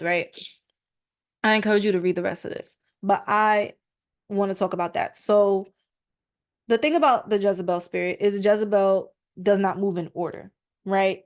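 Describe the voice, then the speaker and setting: A woman's voice: mid-range voice, darkish tone. A woman hosting a casual podcast, talking through a case and reading scripture aloud with lots of fillers. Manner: chatty, frequent fillers, reads verses aloud. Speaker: podcast host. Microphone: microphone on a stand.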